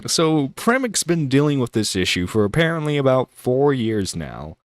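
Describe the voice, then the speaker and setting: A male streamer hosts a casual reaction chat, his pitch moving expressively as he laughs and talks through fillers. The sound is dry and close. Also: very animated, no echo. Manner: chatty, laughing, halting with fillers. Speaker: streamer host.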